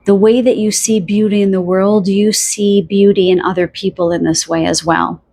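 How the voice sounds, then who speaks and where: Soft dreamy woman doing a tarot reading, lots of ums and restarts, talks right to you. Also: mid-range voice, flat delivery, gravelly. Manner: soft, dreamy, halting with many fillers and restarts; addresses the listener directly. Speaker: tarot reader. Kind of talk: pick-a-card tarot reading.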